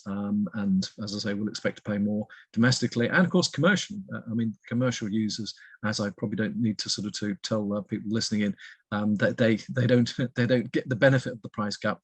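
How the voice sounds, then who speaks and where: Husky-voiced man, hesitant expert. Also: lowish voice, no echo. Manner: hesitant, heavy use of fillers like "sort of". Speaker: guest expert, economist. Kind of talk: interview answer.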